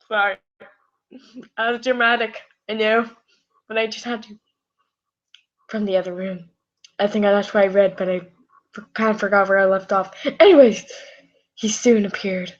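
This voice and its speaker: A woman casually reading fan fiction aloud on a live stream, rambling and apologizing, tired with a scratchy throat. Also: mid-range voice. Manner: giggly, rambling, apologetic asides. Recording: muffled lo-fi audio.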